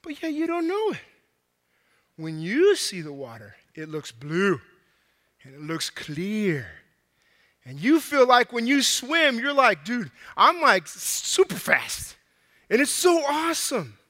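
A man preaching a casual, animated sermon to a young crowd, out of breath, acting out bits of dialogue in slang. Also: extremely high pitch, measured pace, big-room sound.

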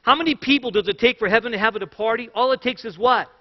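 A high-voiced man preaches a sermon, moving between scripture and animated personal stories with light jokes. His voice carries a long hall echo, and the recording sounds dull and lo-fi. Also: fast talker. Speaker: pastor.

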